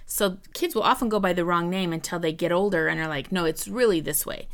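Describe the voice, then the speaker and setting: A woman basketball broadcaster in casual chat, telling stories in an animated way. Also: on the low side, a little fast.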